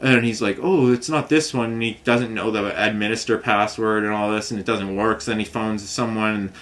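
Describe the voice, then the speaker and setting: A man's voice: fairly low pitch, fairly even intonation, fairly quick, a bit bright. A man talks straight to the camera in a loose, rambling monologue. He sounds frustrated as he goes back over what happened, leans on fillers and restarts, and keeps checking in with "you know what I mean". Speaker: vlogger recounting a customer complaint.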